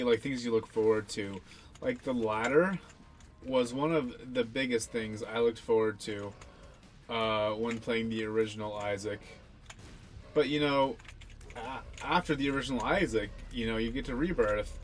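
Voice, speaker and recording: A man's voice: mid-range voice, slight background noise. A young man casually talking through his own gameplay, rambling and self-deprecating, swearing now and then. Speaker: gaming channel host.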